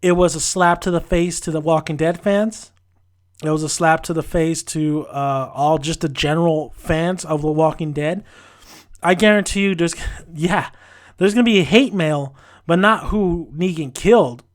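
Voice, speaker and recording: A TV show reviewer rants casually about an episode, frustrated and with many restarts. His voice is on the high side, at a moderate pace.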